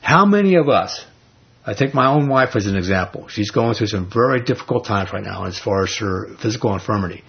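A man's voice: lowish voice, expressive, a little fast, vocal fry, slightly rough, muffled recording. A man leading an informal Bible study. He retells scripture in everyday speech and keeps asking the group rhetorical questions.

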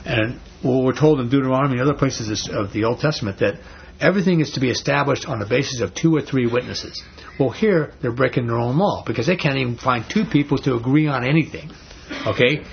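A man's voice: medium pitch, vocal fry. A man leading an informal Bible study for a small group, talking in a rambling, conversational way with lots of "you know" and "okay?". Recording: dull lo-fi recording with faint noise.

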